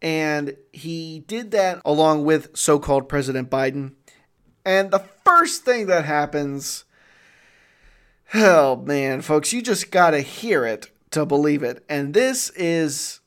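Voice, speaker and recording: Fired-up man hosting a news podcast. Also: on the high side. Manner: indignant, gets loud and exclaims when riled. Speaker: podcast host. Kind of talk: solo commentary podcast reading news articles.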